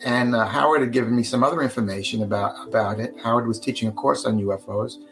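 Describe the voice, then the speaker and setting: A man's voice: mid-range voice, fast talker, music in the background, rough recording. An older man, a guest on a podcast, recounting his past in an easygoing storytelling way. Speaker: guest, Tesla author.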